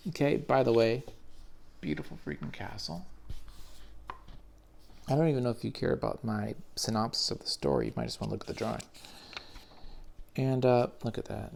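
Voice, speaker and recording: A man's voice: mid-range voice, moderate pace, gravelly, long pauses, darkish tone, slight background noise. A man enthusiastically retelling a comic book story in casual, slangy commentary with frequent swearing. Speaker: comics reviewer.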